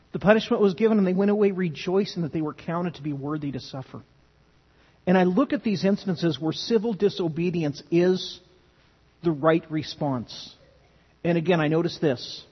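A male pastor with a slightly high, breathy-edged voice preaches in an earnest, emphatic way, frequently restarting phrases. The recording is dull and lo-fi with a long reverb from the hall.

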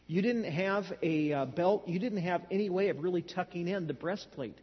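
A man's voice: sits high, normal speed, husky. A middle-aged man preaching a sermon, telling stories in a conversational way with dry humor. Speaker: pastor. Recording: dull lo-fi sound in a large hall.

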